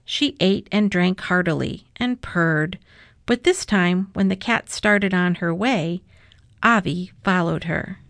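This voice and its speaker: A woman reading a children's picture book aloud in a gentle, measured way. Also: fairly low pitch, vocal fry, no room sound. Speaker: storyteller.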